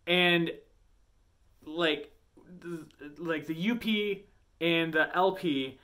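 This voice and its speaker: A man's voice: a little high, drawn-out words, pushed and bright. A man hosting his cooking vlog, chatty and goofy, rambling as he cooks. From Lower Peninsula of Michigan. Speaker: cooking channel host.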